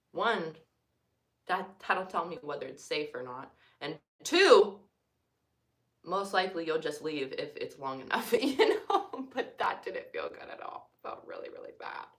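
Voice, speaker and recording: Young woman, vlogger, casual storytime, bright forceful tone, slightly low voice, loud bursts and quiet mutters.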